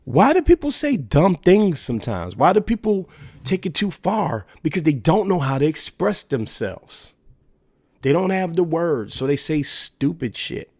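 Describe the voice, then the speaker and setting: A man's voice: fairly high pitch, big pitch swings, a little slow, a little mellow, breathy edge, no room sound, clean studio sound. A man in his thirties hosting a solo podcast, talking casually and emphatically and asking rhetorical questions. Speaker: podcast host.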